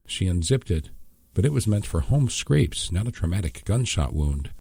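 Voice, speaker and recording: A man reading an audiobook in scripted, measured narration. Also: fairly low pitch, big pitch swings, gravelly, dark tone, slightly rough, no room sound, studio quality.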